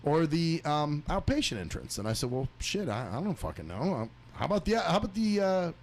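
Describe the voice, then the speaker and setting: A man with a gravelly, slightly higher voice rants his way through a story on a talk radio show. His pitch swings widely and he swears freely, acting out other people's lines as he goes. He laughs often while he talks. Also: a little fast, slight background noise. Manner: crude, animated, laughs often, acts out other callers' voices. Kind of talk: profane ranting storytelling.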